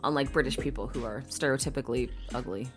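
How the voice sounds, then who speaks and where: A woman's voice: a bass voice, fast, soft background music. An American woman in casual chat as a podcast guest, blunt and teasing and swearing freely. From United States.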